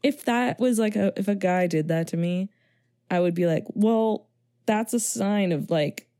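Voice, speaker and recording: A young woman gives her frank take on a movie in casual chat. Her voice is dark and mellow, and she laughs easily. The recording is dry and close. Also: mid-range voice, dry recording. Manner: blunt, opinionated, quick to laugh.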